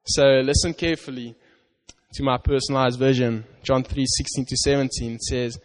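A man preaching a sermon, reading scripture slowly and earnestly with stress on "you", often restarting his words. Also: medium pitch, steady tone. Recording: long hall reverb.

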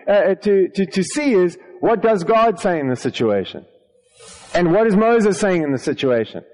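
A man's voice: sits high, a little mellow. A man preaching a sermon, reading scripture aloud and stopping to explain it, often repeating words as he goes. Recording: long hall reverb.

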